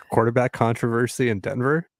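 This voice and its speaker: A man's voice: medium pitch, normal speed, dry recording, studio quality. A man co-hosting a livestream sports podcast, talking in playful, joking banter. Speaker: podcast co-host. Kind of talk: casual livestream sports chat.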